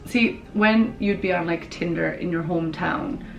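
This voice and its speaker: Irish woman, twenties, bubbly chatty vlogger, slightly low voice, faint music underneath. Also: creaky, dull audio. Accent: Irish, Kerry. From Ireland. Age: 20s. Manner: bubbly, chatty, quick asides. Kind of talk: casual chat to camera.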